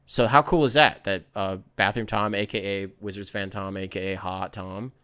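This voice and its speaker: A man's voice: on the low side, steady tone, normal speed, fairly bright tone, clean tone. A man hosting a podcast, chatting loosely and rambling with lots of fillers and the odd swear. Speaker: podcast host. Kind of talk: casual chat.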